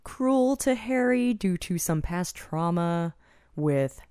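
A woman's voice: on the low side, lively intonation, slow, warm tone, clean tone, no echo, studio quality. A woman co-hosting a podcast who chats casually and explains things at length. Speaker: podcast co-host. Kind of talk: casual chat.

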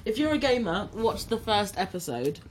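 A young woman co-hosting a podcast in casual chat, chatty and quick to correct herself. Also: medium pitch, sing-song, a little hiss or hum. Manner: chatty, self-correcting, giggly. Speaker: podcast co-host.

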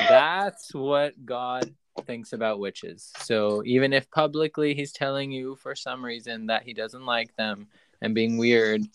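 Guy hosting a podcast, goofy and animated, keeps restarting, dead dry close mic, middle pitch. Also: takes it slowly, clean tone, no room sound. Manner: animated and joking, many restarts. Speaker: podcast host. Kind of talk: casual chat.

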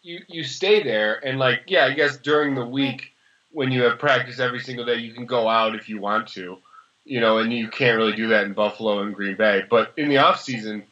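A young man in his early twenties co-hosting a podcast, chatting casually and sarcastically about sports, rambling and quick to laugh. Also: medium pitch, bright, forceful tone. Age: early 20s. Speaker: podcast co-host. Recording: slightly dull lo-fi sound.

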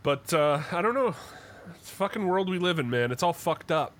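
A Canadian man co-hosts a podcast, and his voice is a little high, animated, fairly quick and a bit bright. He tells stories in casual chat, breaking into heated, profane rants.

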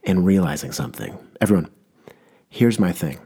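A man's voice: deep voice, a little fast, a little mellow. A young man delivering a rambling, mock-earnest comedic rant, often stopping to correct himself.

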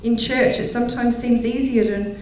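A woman's voice: a little high, fairly even intonation, normal speed, a little mellow, a little hiss or hum. A middle-aged woman speaking at a women's gathering, telling stories, laughing often and acting out the voices of the people she quotes. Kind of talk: sermon. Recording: very echoey hall, voice heard from a distance.

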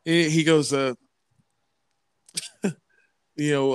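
A man's voice: medium pitch, moderate pace, fairly bright tone, clear, resonant tone, no room sound, studio quality. A man co-hosting a podcast in casual chat, laughing often and swearing at himself. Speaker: podcast co-host.

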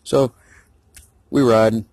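A man's voice: medium pitch, flat delivery, takes it slowly, a little mellow, no room sound. A man telling a rambling, profane story in a casual rant. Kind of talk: casual ranting anecdote.

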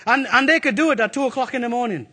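A middle-aged man preaches in a church with a high, bright voice. He is animated and playful and keeps calling out to the congregation. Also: racing. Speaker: pastor. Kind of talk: sermon.

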